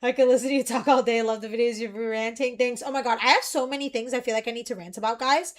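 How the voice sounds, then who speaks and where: A young woman streamer chatting casually, rambling and ranting in an animated way. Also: on the high side, fast.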